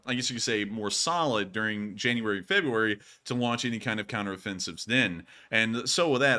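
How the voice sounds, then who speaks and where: Man, stream host, bright tense voice, casual Q&A, jokey, sleepy. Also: mid-range voice. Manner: chatty and joking, laughs often. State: sleepy, yawning. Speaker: war news stream host.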